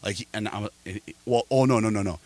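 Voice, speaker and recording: A middle-aged man, a podcast host, telling an animated story in casual chat and quoting people back and forth. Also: lowish voice, a little fast.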